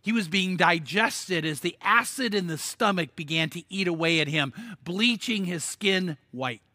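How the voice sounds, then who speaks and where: A man preaching a sermon, telling the story in an animated way with stammered restarts and sudden emphatic bursts. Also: high-pitched, unhurried, no echo, clean studio sound. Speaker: pastor.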